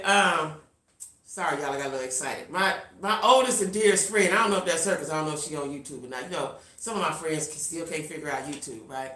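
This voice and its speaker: A middle-aged woman hosting a live stream, telling a personal story in a casual, animated way and talking straight to her viewers. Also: low voice, brisk, reverberant. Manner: reads out viewer comments. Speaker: livestream host.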